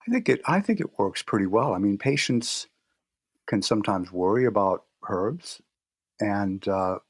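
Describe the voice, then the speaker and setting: A man guest in a conversational interview, telling stories in a relaxed way and acting out his patients' lines. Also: fairly low pitch, a little slow, husky, no echo, studio quality. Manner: relaxed storytelling, acts out patient dialogue. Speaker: guest practitioner.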